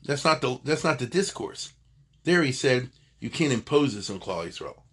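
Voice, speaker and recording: An older man teaching a loose, chatty Talmud class. His voice is husky and sits at an ordinary pitch. He wanders off on asides and corrects himself mid-sentence. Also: very animated, moderate pace, a bit bright. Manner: digressive, conversational, self-correcting. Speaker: Torah teacher.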